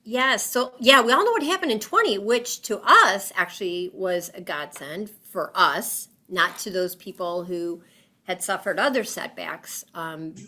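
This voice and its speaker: A woman's voice: mid-range voice, measured pace. A woman, a guest in an interview, telling a personal story with lots of fillers and acting out what others said. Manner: animated, lots of fillers, acts out quoted voices.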